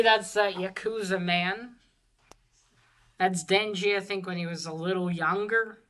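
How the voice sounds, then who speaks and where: A woman with a medium-pitched, slightly bright voice reviews a manga on a rough recording. Her plot summary wanders, full of fillers and false starts, before she turns to gushing over how cute the art is.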